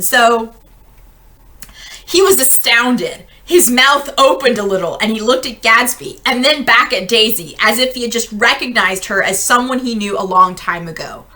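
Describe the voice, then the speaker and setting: A young adult woman leading a casual book-club lesson, chatty and animated, acting out quotes. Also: a little high, moderate pace.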